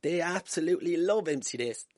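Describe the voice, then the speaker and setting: A man's voice: on the high side, expressive, fast, a little mellow, no room sound, studio quality. An Irish man hosting a casual solo podcast from home, telling stories with swearing and self-deprecating humour. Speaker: podcast host. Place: room at home. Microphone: wired podcast mic.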